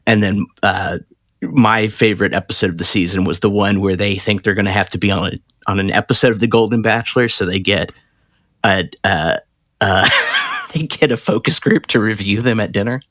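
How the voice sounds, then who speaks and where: A man co-hosting a podcast in casual chat, animated and laughing often, with a Southern US accent. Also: normal speed, no room sound, clean studio sound. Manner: animated, laughs often, mimics lines in a higher voice. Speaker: podcast co-host.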